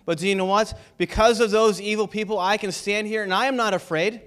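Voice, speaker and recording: A man's voice: high voice, steady tone, brisk, fairly bright tone, clean tone. A man preaching a sermon as pastor of a church, building intensity with rhetorical questions.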